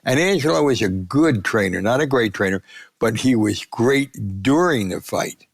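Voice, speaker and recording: A man in his nineties, a guest sportswriter, telling animated anecdotes and acting out the voices of people he quotes. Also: medium pitch, normal speed, vocal fry, soft background music. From United States. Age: 90s. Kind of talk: storytelling interview.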